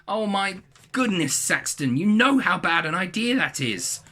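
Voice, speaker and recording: A man voicing an exasperated, fussing mother in a read-aloud story, with a high, fretful scolding manner. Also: animated, quick pace, fairly bright tone, slightly rough, full character voice.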